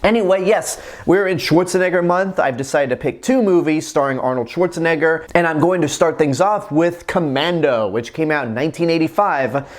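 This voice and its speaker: Male reviewer host, casual and keen, slightly high voice. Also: moderate pace. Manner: enthusiastic, chatty. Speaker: movie reviewer, channel host. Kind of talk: casual spoken film review.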